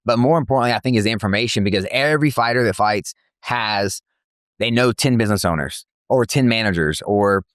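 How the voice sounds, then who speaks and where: This is a man speaking quickly in a somewhat low voice, rattling off stories with casual slang and fillers. The sound is dry and close, with no room around it. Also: no room sound. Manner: fast, animated storytelling with slang and filler words. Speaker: MMA promotion CEO, guest. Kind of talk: casual podcast interview. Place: cafe.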